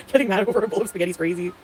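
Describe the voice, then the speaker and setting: Fast-talking sarcastic woman live-streaming. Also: medium pitch, mellow, slight background noise, low-quality recording. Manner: sarcastic, laughs often, answers commenters by name. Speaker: livestream host reading chat. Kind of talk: casual live-stream chat.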